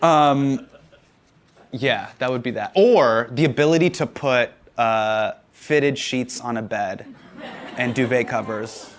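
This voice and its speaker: A man answering audience questions in a casual comedic Q&A, animated and joking, laughing often. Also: medium pitch, slow pace.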